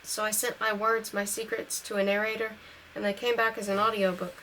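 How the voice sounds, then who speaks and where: An amateur reader records a novel at home, her middle-pitched voice rising slightly in brightness and volume whenever characters speak. The low-quality audio carries a constant faint hiss, and she pauses to fix her own mistakes.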